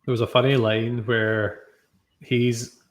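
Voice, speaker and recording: A man co-hosting a podcast casually discusses a TV episode, offering careful, hedged interpretations in a measured, analytical manner. His voice is medium-pitched with little pitch movement.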